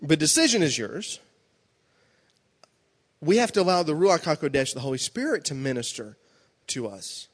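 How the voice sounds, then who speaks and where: Middle-aged male preacher, high voice with wide swings, animated storyteller, live hall reverb. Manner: animated storytelling, acting out voices with big pitch jumps. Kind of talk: sermon with jokes. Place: large hall before a congregation.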